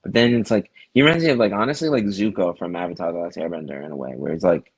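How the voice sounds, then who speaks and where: Male co-host, relaxed slangy recap chat, husky low voice, dry recording. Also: quick pace, dry recording, poor audio. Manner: laid-back, slangy, laughs often. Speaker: podcast co-host.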